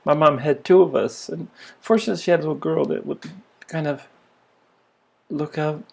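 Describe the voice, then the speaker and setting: An older man telling a childhood story in a reflective spiritual talk, musing and rambling with restarts and soft laughs. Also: a little high. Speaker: spiritual teacher.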